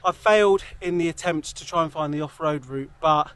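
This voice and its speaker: A man's voice: fairly high pitch, brisk, fairly bright tone, clear, resonant tone. Upbeat southern English man outdoors. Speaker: cycling vlogger. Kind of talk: casual chat to camera. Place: outdoors, riding trails and roads.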